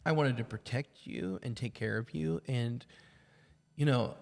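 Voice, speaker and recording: A man with a gravelly, creaky voice tells a personal story as a church podcast co-host, ambling through it with lots of "like" and "you know." His voice sits at an ordinary middle pitch. It rings out with a long, hall-like reverb behind it. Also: unhurried. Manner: relaxed, rambling telling with many fillers. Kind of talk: casual storytelling conversation.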